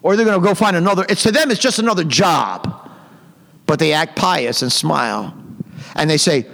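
A high-pitched male pastor delivers a fiery, scornful sermon, reading King James scripture aloud. His voice rings out through a church with a long, lingering reverb. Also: sing-song, fairly quick, vocal fry, fairly bright tone. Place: church sanctuary.

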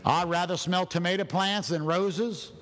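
A man preaching a sermon in a church, animated and loud, acting out people's excuses in his own voice. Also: high-pitched, measured pace. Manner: animated, shouting, acts out other people's excuses. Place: church sanctuary. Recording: long hall reverb in a church.

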